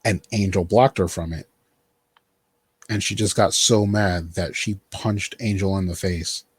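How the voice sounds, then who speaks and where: A man with a low, slightly husky voice chats loosely about a TV show. He rambles through fillers and asides. The sound is dry and close. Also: steady tone, measured pace, dry recording. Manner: rambling, filler-heavy, quotes characters in mock voices. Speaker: podcast host. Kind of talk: casual chat recapping a TV show.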